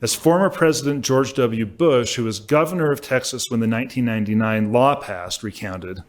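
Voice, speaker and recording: Speaking into a podium mic, this man gives a prepared law lecture at a symposium. His mid-range voice stays measured and emphatic, with the occasional self-correction.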